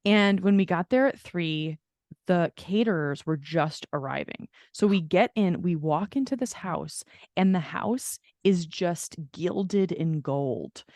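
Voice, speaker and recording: A woman with a lowish voice speaks slowly on a dry recording as she co-hosts a podcast. In casual chat she tells a long story, animatedly acting out the people she quotes.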